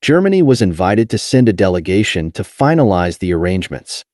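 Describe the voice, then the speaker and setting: In a low, warm voice, a man narrates a nonfiction history audiobook. His pitch shifts expressively between phrases while his delivery stays measured and even. The recording is dry and close-miked, with no echo.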